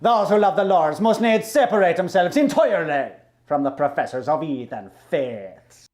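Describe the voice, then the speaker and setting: A man playing a pompous, bigoted old-fashioned gentleman in a comedy sketch, preaching in mock-archaic language. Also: a little high, animated, moderate pace, close to an everyday voice. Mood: preachy. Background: music.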